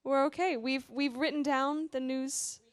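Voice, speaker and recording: Higher-voiced woman moderating a seminar. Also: steady tone, unhurried. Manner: encouraging, invites the audience to share. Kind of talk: moderating a live talk. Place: library event room with live audience.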